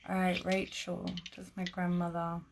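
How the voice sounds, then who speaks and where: A woman's voice: lowish voice, completely flat delivery, normal speed, vocal fry, noisy background. A woman giving live-streamed psychic readings in a chatty way, laughing often and filling her talk with "like". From Australia. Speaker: psychic reader.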